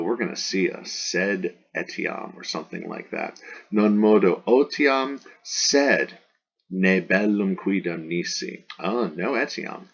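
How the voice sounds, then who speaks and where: Male Latin teacher, deep and gravelly, casual explaining lecture style with fillers, muffled lo-fi recording. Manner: explanatory and conversational, many fillers and restarts. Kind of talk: line-by-line classroom translation lecture. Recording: dull lo-fi audio.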